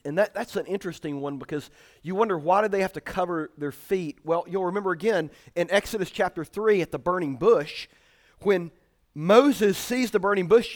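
Male pastor, high-pitched, emphatic teaching sermon. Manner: emphatic, explanatory preaching.

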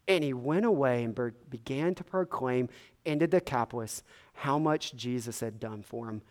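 A man preaching a sermon, retelling a story in a conversational way with many casual fillers. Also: medium pitch.

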